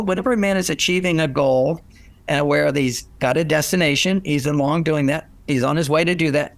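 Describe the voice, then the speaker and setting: An older man giving relationship advice in a lively storytelling way, acting out what people said and laughing often. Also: on the high side, no room sound. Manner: animated, acts out quoted voices, laughs often. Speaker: relationship author and guest.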